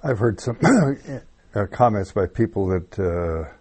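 Deep-voiced man, halting with fillers. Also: darkish tone. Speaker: Bible study participant. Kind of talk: group discussion.

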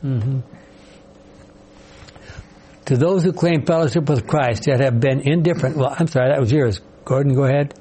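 Mellow-voiced man leading a Bible study. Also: mid-range voice, moderate pace, long pauses, husky, poor audio. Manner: questioning, explanatory, calls on readers. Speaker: Bible study class leader.

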